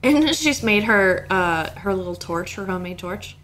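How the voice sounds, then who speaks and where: A woman's voice: mid-range voice, expressive, normal speed, a bit bright. A woman co-hosting a casual podcast, recapping a TV episode with enthusiasm, jokes and the odd swear word. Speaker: podcast co-host.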